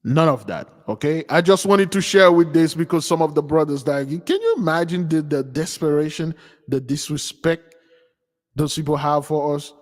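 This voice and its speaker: A man's voice: fairly high pitch, moderate pace. Emphatic preaching man, reverberant room. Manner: animated, emphatic, mocking. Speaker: channel host giving a spiritual talk. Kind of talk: casual preaching to followers.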